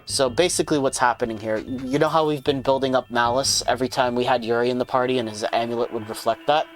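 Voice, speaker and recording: A man gives casual let's play commentary, explaining mechanics with frequent restarts. His voice sits at a middle pitch. Game music plays clearly behind him. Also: steady tone, quick pace.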